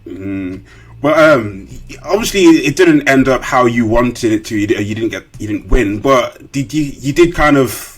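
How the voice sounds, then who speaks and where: A man's voice: medium pitch, a little slow, slightly rough. A man hosting a podcast, chatting casually with lots of slang and loose restarts. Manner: relaxed, full of fillers and slang, hesitant restarts. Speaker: podcast host. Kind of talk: casual interview chat.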